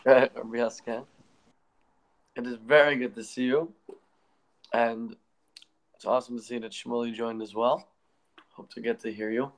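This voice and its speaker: A man leading an online class discussion over a video call, briskly calling on each speaker in turn. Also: medium pitch, fairly even intonation, low-quality recording. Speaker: class leader.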